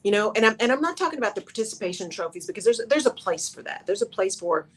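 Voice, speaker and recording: A woman's voice: medium pitch, expressive, quick pace, breathy edge. Emphatic woman radio host. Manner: emphatic, repeats key phrases, asks "right?". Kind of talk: talk radio monologue.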